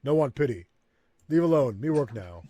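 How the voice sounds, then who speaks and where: A man's voice: medium pitch, very animated, moderate pace, dark tone. A man voicing a mistreated orc laborer who speaks in clipped, broken grammar. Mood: dismissive.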